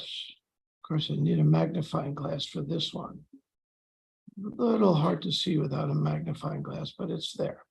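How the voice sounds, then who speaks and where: A man leading a scripture class in a relaxed, chatty way, with dry sarcastic humor. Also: fairly high pitch, gravelly, low-quality recording. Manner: joking, dryly sarcastic; relaxed, chatty with pauses and fillers. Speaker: class speaker.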